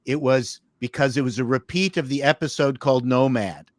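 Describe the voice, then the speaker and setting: A man on a live panel chat, speaking at an average pitch with a dry, close sound. He stammers and repeats words as he pushes his opinions. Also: moderate pace, no echo.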